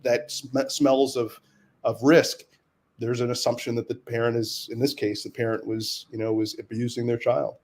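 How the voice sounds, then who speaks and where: A man's voice: mid-range voice, little pitch movement, moderate pace, a little mellow. A man in a casual conversation, an education advocate who makes his points thoughtfully and repeats words as he builds them.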